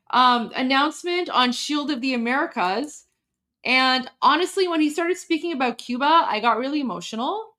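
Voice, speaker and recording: A woman from Iran chatting on a casual livestream, emotional and halting, with many restarts and repetitions. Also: high voice, lively intonation, sharp tone. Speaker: livestream host.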